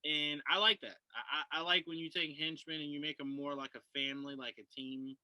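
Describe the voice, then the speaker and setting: A man's voice: fairly high pitch, fairly even intonation, a little fast, bright, forceful tone, clear, resonant tone, dry recording, rough recording. A man co-hosting a casual podcast film review, enthusiastic and repeating himself as he talks.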